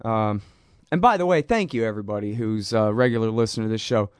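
A man's voice: on the low side, clean tone, dry recording. Man, talk radio host, blunt and slangy, dry close mic. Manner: blunt, slangy and fast-talking, trails off into mumbles. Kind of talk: casual talk radio monologue.

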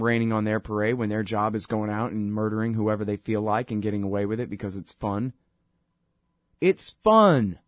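A man's voice: medium pitch, no echo. Sarcastic guy in his 40s ranting on his show, mocking and heated, dry mic. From United States. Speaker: podcast host. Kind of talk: political commentary rant.

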